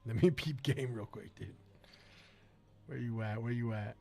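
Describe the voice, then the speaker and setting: A man streaming a video game who tells stories in an animated, slangy way and laughs often. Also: medium pitch, a little slow, vocal fry. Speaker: gaming streamer. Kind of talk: casual storytelling while playing.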